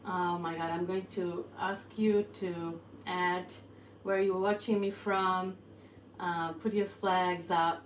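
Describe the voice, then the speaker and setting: A woman's voice: lowish voice, little pitch movement, slow pace, echoey room, slight background noise. A woman hosting a live cooking stream from her home kitchen, bubbly and greeting viewers as she cooks. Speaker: cooking channel host. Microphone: phone.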